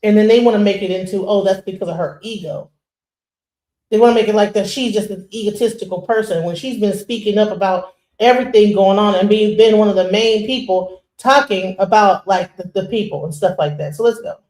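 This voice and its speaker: Animated woman host in an echoey room. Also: medium pitch, a little fast. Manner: animated, emphatic, mocking impressions. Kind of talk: casual commentary stream.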